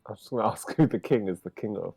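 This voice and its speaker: A man's voice: lowish voice, racing, gravelly, mellow, breathy edge, no room sound, clean studio sound, faint music behind. A man in casual chat as a player in a tabletop game, playful and joking.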